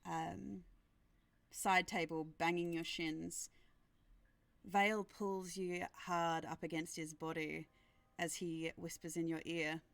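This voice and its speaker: A woman running a tabletop role-playing game, narrating events in a calm, matter-of-fact way. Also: fairly low pitch, takes it slowly, gravelly, no echo. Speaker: game master.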